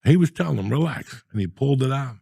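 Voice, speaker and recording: Gravelly profane man in his sixties. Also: medium pitch, quick pace, no echo, clean studio sound. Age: 60s. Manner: profane, animated, mock-outraged rants. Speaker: podcast guest storyteller. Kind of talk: casual comedic storytelling.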